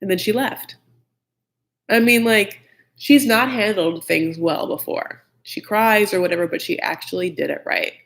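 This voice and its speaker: A man's voice: high voice, a little slow, vocal fry, fairly bright tone. A man hosting a live chat recap of a reality show, gossipy and blunt, with frequent "like" and mocking impressions of the cast.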